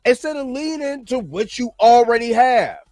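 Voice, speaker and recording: A man's voice: extremely high pitch, animated, normal speed, darkish tone, no room sound, faint music behind. A male host giving opinionated commentary, emphatic and repetitive, with many fillers and restarts. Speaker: show host.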